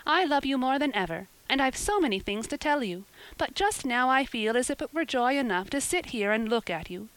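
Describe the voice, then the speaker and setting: A woman's voice: sits high, animated, fairly quick, a bit bright, clear, resonant tone, dry recording, voice pushed up, low-quality recording. A woman voicing an eager, dramatic teenage girl who talks in gushing, pleading bursts. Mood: joyful, dreamy.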